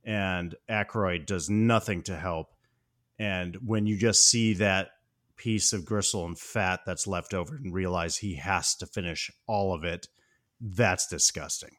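A low-pitched man chats casually as a podcast co-host. He reacts with lively feeling, sometimes jumping up in pitch and volume as he talks. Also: a little slow. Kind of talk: casual movie chat.

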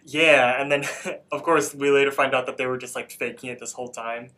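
A young man with a bright, forceful voice, talking casually as a podcast co-host. He recaps scenes in a loose, rambling way, leaning on "like" and "um" as he goes. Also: medium pitch, fairly even intonation, fairly quick. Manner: loose, rambling retelling full of "like" and "um". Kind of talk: casual episode recap chat.

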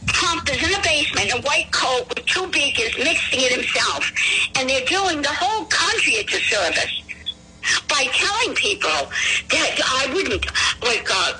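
A woman's voice: high voice, big pitch swings, normal speed, heavy background noise. A woman calling a talk radio show, rambling and scornful about the people she disagrees with. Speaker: caller. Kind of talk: phone-in political talk.

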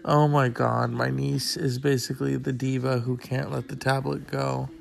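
A man's voice: mid-range voice, flat delivery, moderate pace, vocal fry. A tired man hosting his own show, chatting in a rambling, casual way with crude asides and plenty of swearing.

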